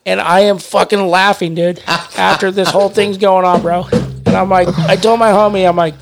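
Dude telling a wild story, kinda high gravelly voice, super laid back and slangy. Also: male voice, fairly even intonation, normal speed, faint music behind. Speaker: podcast guest. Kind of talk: casual chat.

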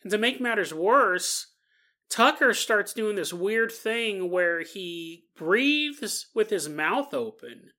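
A woman co-hosting a podcast, telling a story in a loose, chatty way. She breaks in with joking asides. Her voice is bright and forceful, at a middling pitch. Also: expressive, slow pace. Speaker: podcast co-host. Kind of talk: casual storytelling.

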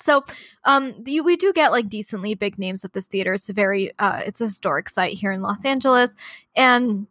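A woman co-hosting a podcast, telling stories in casual, animated chat. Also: mid-range voice, a little fast, dry recording, studio quality. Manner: chatty, animated storytelling. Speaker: podcast co-host.

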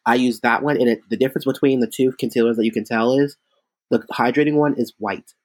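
In a relaxed interview, a male drag performer spins lively, gossipy stories full of filler words. He talks quickly in a mid-range voice, and the audio has no echo.

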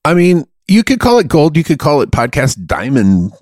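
A man's voice: on the high side, wildly swooping pitch, normal speed, a little mellow, no echo, clean studio sound. Profane, joking man on a podcast. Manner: joking, profane, laughs a lot. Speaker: podcast co-host. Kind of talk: casual comedic chat.

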